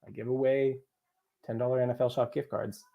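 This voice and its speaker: The audio has its highs cut off, and the young man's mid-range voice is gravelly, brisk, and level in tone. He hosts a live draft stream, chatting and joking with viewers and co-hosts while reading their comments.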